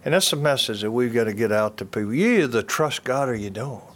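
A man's voice: medium pitch, lively intonation, fairly quick. An older man telling a personal testimony in an earnest storytelling way, repeating phrases and restarting sentences. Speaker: speaker giving a testimony.

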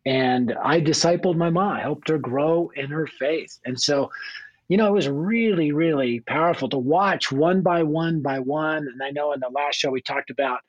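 A man from Denver, a guest evangelist and author, telling his life story in a radio interview with blunt, animated energy. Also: fairly high pitch, moderate pace, no room sound, dull audio. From Denver, United States.

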